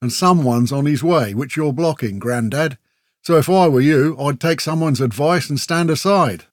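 A man's voice: medium pitch, normal speed, no echo, clean studio sound, lightly acted. A man voicing a big, brash young warrior who snarls and swears. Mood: hostile.

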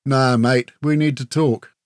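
A man voicing a short, older woodsman who mocks calmly in laid-back slang. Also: mid-range voice, unhurried, dry recording, studio quality, natural voice. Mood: amused. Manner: mocking, laid-back, working-class slang. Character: short older male woodsman, amused and unflappable.

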